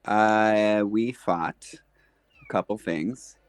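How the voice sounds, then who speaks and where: A man's voice: lowish voice, extremely slow, clear, resonant tone, dry recording, studio quality. A man, a player in a tabletop game, recapping in a hesitant, laid-back way. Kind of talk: casual chat.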